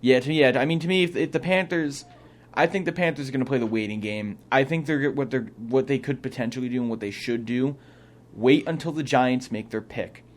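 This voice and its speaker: A man's voice: mid-range voice, fairly quick. A young man co-hosting a casual sports talk show from a small studio, thinking aloud with opinionated restarts. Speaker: co-host.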